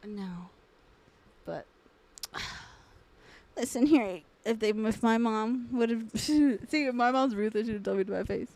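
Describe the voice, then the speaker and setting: A woman with a fairly high voice co-hosts a podcast in loose, casual chat. She tells stories full of profanity and breaks into laughter often. The sound is dry and close. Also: measured pace, a little mellow, no room sound. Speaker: podcast co-host.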